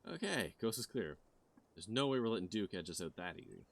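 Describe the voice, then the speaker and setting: A man's voice: on the low side, sing-song, fairly quick, gravelly, full character voice. A man voicing a chirpy young monster-hunting vlogger woman. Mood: eager. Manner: chirpy, presenter-like. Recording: music playing behind.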